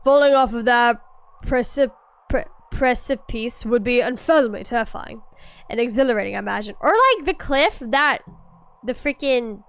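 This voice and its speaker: A woman's voice: fairly high pitch, normal speed, smooth, no room sound. A woman streaming a video game, chatting casually and reading the game's dialogue aloud between laughs.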